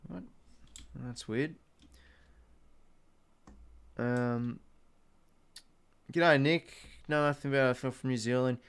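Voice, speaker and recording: A man's voice: mid-range voice, measured pace, pauses often, a bit bright, clean tone. A young Australian man hosting a live stream, chatting casually with viewers and muttering to himself while working through a quiz.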